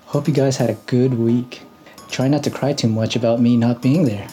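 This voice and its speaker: Mellow-voiced man reading listener mail. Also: mid-range voice, fairly even intonation, normal speed, soft background music. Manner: reads listener letters aloud, laughs often. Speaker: podcast co-host.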